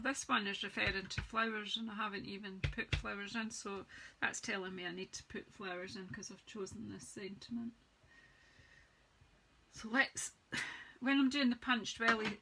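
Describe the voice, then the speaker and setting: A woman's voice: medium pitch, vocal fry, noisy background. A woman chatting casually as she demonstrates card-making on a live stream, greeting viewers by name as she works. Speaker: craft demonstrator. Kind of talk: live-streamed craft demo chat.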